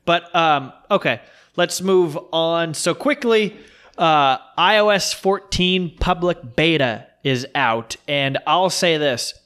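A man hosts a casual podcast chat. His voice sits a little high. He stays relaxed and conversational as he moves from one topic to the next. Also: slow pace, smooth.

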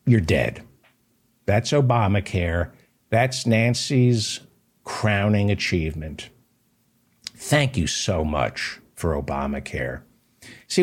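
A man hosting a political commentary show, delivering an impassioned, sarcastic monologue in a husky voice. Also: fairly low pitch, a little mellow.

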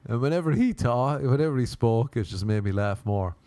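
A man's voice: medium pitch, animated, a little fast, mellow, dry recording. A young man telling a casual anecdote, rambling and swearing, often breaking into laughter. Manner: laughing, profane, rambling storyteller.

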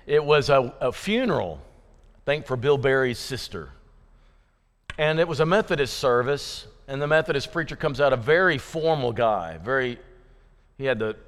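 A man with a mid-range voice delivers a sermon to his congregation in a relaxed, folksy way, and he slips in jokes as he goes. The sound has the long, ringing reverb of a church sanctuary. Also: mid-range voice, clear, resonant tone. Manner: folksy, joking, conversational. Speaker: preacher.

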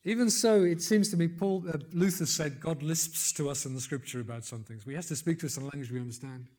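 Older male preacher, slightly high voice, swings from hushed asides to loud emphatic peaks, chatty and wry. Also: quick pace. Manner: builds to loud emphatic peaks, then drops low and soft; conversational asides and gentle humor. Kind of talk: sermon.

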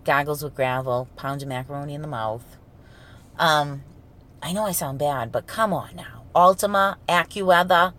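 A woman with a thick Boston accent and a gravelly voice, hosting her own podcast as a brash, profane storyteller in a casual solo monologue. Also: a bass voice, moderate pace, fairly bright tone. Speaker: podcast host.

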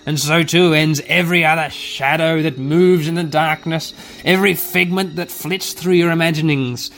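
A man voicing an ancient, weary dragon, speaking slowly and gravely. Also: a little high, pushed and bright.

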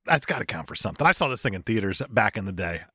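A man co-hosting a podcast, chatting casually and making sarcastic jokes with quick asides. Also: lowish voice, sing-song, bright, forceful tone, slightly rough, no room sound, studio quality. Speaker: podcast co-host. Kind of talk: casual comedy chat.

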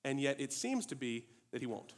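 A man preaching a sermon in an animated, emphatic way, asking many rhetorical questions. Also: mid-range voice, normal speed.

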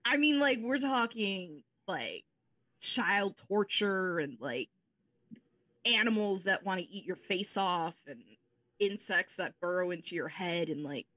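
A woman with a lowish voice rambles casually on a podcast, swearing freely. The sound is dry and close. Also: lively intonation, unhurried, a bit bright, no room sound. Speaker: podcast co-host.

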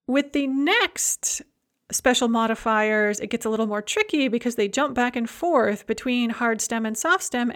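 A woman teaching a language lesson, walking through grammar charts in a clear, methodical way and reading out example words one by one. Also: on the high side. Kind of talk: explaining grammar over slides.

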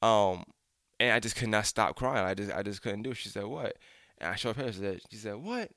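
A man's voice: lowish voice, fast, no room sound, studio quality. A young adult man telling a personal story casually, acting out the voices of the people in it, with slang and frequent restarts. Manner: animated, acts out quotes, frequent restarts and slang.

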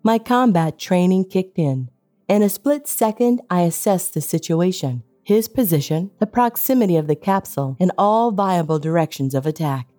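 Woman, audiobook narrator, low, mellow, dramatic storytelling, faint music behind. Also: lively intonation, normal speed. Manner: tense, dramatic first-person storytelling.

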